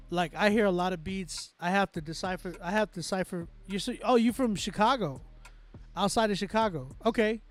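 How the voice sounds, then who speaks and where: A man from Texas, a music producer hosting a casual livestream, reading chat aloud and giving loose, talkative critique with frequent laughs. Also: high voice.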